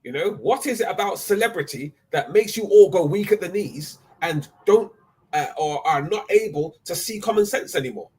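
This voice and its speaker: A man's voice: high-pitched, lively intonation, normal speed, a little mellow, slightly rough. A man hosting a live online talk, emphatic and often tagging his points with "right?". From Nigeria. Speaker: host.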